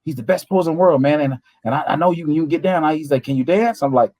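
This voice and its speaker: A man telling a lively, slangy story in an interview and acting out what other people said. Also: a little high, rapid-fire. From Southern California. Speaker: guest bodybuilder.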